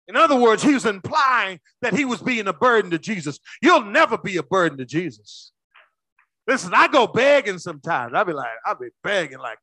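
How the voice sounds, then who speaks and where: A man preaches fairly quickly, his high, bright voice taking big pitch swings from booming shouts to near-whispers. He calls out to the congregation in a close, dry recording.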